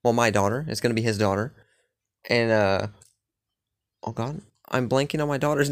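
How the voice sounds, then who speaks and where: A man's voice: medium pitch, normal speed, pauses often. Rambling, profane man recapping his game. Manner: rambling, profane, full of filler words. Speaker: gamer recapping a playthrough. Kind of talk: casual chat.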